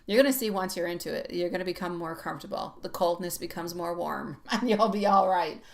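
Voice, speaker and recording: A woman giving a live tarot reading, chatting warmly with viewers, calling them sweetie and laughing often. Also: on the low side, brisk, creaky. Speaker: tarot reader.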